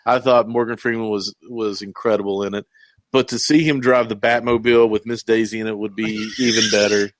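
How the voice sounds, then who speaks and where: A man's voice: on the low side, flat delivery, a little fast, dry recording. A man hosting a casual podcast chat, rambling and laughing often. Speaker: podcast host.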